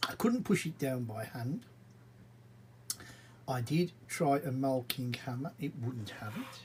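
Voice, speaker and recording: A man's voice: mid-range voice, big pitch swings, a little mellow, slight background noise, poor audio. A man giving casual, rambling commentary as he narrates his own brick model build. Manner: chatty, rambling, unhurried, with frequent fillers.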